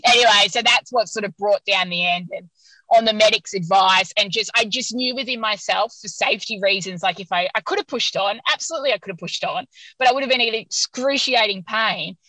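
A woman guest on an interview podcast, telling a story in an animated, casual way and laughing often. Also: mid-range voice, brisk, no room sound, rough recording.

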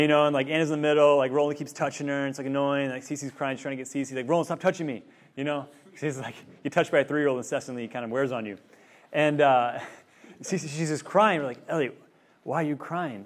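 Chatty young-dad speaker, many likes. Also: male voice, medium pitch. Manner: rambling, filler-heavy storytelling with many likes. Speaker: campus ministry speaker. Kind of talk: casual teaching talk. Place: room with a student group.

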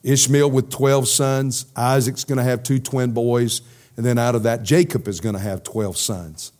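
A middle-aged man preaching a sermon and then answering questions from his congregation, emphatic, sinking to a soft intensity at key points. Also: mid-range voice, fairly even intonation, normal speed.

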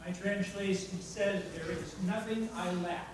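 A man's voice: high voice, steady tone, unhurried, husky, poor audio. A man in the congregation speaking up briefly during a sermon. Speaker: congregation member. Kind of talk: speaking up from the pews.

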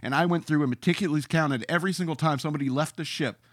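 A man's voice: a little high, rapid-fire, dry recording, clean studio sound. A man ranting in a sarcastic, emphatic way as a podcast host, now and then reading out his own comments in a mocking voice.

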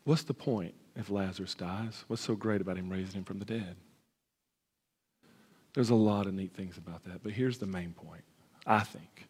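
A man preaching a sermon as pastor, animated, acting out the voices of the story and stumbling over his words when he gets excited. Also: low voice, normal speed. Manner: animated, acts out dialogue, stammers when excited. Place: church sanctuary. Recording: husky voice in a reverberant hall.

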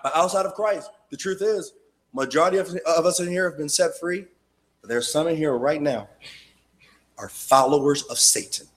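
A man preaching a sermon with passion, shouting hard and then dropping to a low, quiet voice. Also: moderate pace. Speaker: pastor.

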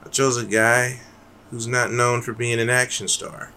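A man's voice: mid-range voice, flat delivery, a little slow, bright, forceful tone, a little hiss or hum. A man co-hosting a podcast in loose, rambling casual chat, swearing freely. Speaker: podcast co-host.

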